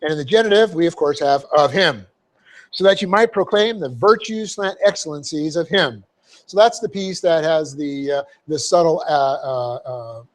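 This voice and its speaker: Man teaching a verse-by-verse Bible lesson. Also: a little high. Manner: explanatory, parenthetical asides, frequent "okay?" checks. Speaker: pastor teaching Bible study. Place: church hall.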